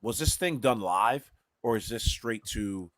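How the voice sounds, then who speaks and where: A man on a casual podcast with a fairly low voice, weighing in with measured opinions. He talks through a mouthful of food. The sound is dry and close. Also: animated, fairly bright tone, no echo. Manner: measured, talking while eating. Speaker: podcast co-host. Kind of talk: casual chat.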